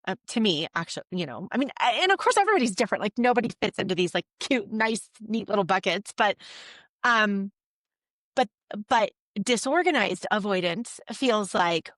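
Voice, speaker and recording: A woman, a couples therapist, explaining with lively, acted-out examples in an interview. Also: mid-range voice, moderate pace, no echo.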